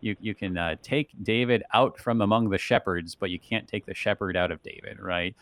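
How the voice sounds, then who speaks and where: Male pastor-host, low voice, dry studio, chatty explanatory delivery with "right?" tags. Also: steady tone, normal speed, a bit bright, dry recording. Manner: conversational, frequent "right?" tags. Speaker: radio show host, pastor. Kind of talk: casual theological discussion.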